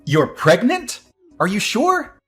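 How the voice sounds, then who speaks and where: An actor playing an entitled young husband who defers to his mother, dismissive and prone to excited outbursts. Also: mid-range voice, moderate pace, soft background music, close to an everyday voice. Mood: startled. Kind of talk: audio drama acting.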